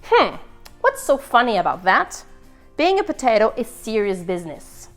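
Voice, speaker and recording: A chatty, easily flustered little boy egg, put on by a woman in a storytime read-aloud. The voice sits high and swoops all over, unhurried, with faint music underneath. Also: very animated. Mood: musing. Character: chatty, anxious little male egg, loyal leader.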